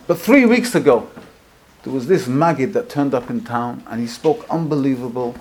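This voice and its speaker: A man preaching as he tells a story, swinging between hushed asides and loud, emotional peaks. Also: medium pitch, lively intonation, normal speed. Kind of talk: storytelling sermon.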